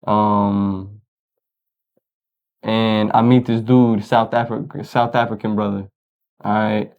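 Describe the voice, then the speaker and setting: A man's voice: fairly low pitch, level tone, takes it slowly, vocal fry, lo-fi sound. A man from the United States, co-hosting a podcast, telling a rambling story in casual slang and asking "you know what I'm saying" again and again. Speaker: podcast co-host.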